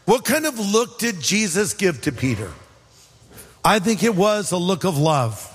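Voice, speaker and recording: A man from California with a Californian accent, preaching a sermon in a storytelling way, with quick asides and voiced quotes. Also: sits high, sing-song, a little hiss or hum. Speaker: pastor. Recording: reverberant hall with faint music.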